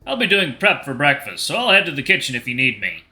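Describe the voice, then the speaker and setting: A man's voice: on the high side, big pitch swings, quick pace, pushed and bright, soft background music, full character voice. A man voicing curt sleep-deprived cook. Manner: curt, tired.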